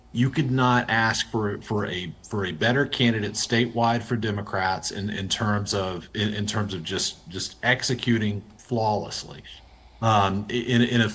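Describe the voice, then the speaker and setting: A man giving political analysis on live news, halting and repeating words as he searches for phrasing. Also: lowish voice, a bit bright, slightly rough.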